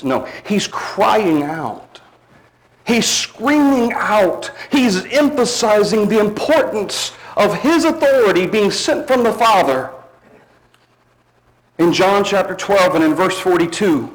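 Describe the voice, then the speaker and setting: Male preacher, slightly high pitch; emphatic sermon delivery, slows for stress, drops low at phrase ends. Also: very animated, rough recording.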